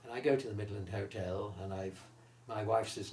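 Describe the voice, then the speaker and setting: A man's voice: fairly low pitch, normal speed, a little hiss or hum. Man in his eighties telling an anecdote. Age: 80s. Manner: lively raconteur who acts out the quoted voices. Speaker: interviewee recalling his career. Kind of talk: anecdotal storytelling. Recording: roomy echo.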